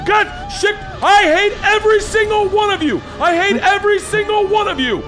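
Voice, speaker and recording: A man's voice: moderate pace, faint music behind. A man putting on the voice of his panicking, nearly seventy-year-old father, cursing and shrieking through a ride. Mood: panicked cursing. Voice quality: shrill, shouting.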